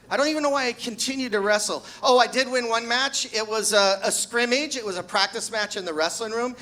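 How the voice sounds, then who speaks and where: A man's voice: sits high, pushed and bright. A man in his sixties doing a self-deprecating stand-up set at his own birthday party, teasing friends in the audience. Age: 60s. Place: party venue with a live audience.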